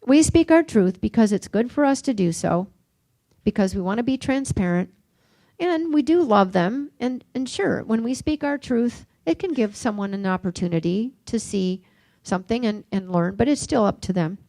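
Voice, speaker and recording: An older woman giving a reflective recovery workshop talk, mixing gentle questions with personal stories. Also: medium pitch, lively intonation, moderate pace, no room sound. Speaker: workshop speaker.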